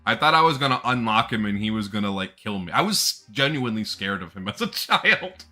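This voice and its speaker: A man's voice: on the low side, very animated, brisk, sharp tone. A young man chatting casually on a live stream, rambling and laughing often.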